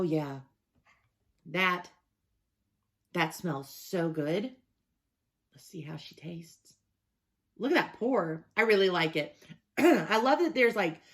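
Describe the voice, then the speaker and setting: Chatty woman reviewing hot sauce. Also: fairly low pitch. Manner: chatty and enthusiastic, reads labels aloud. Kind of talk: casual product review.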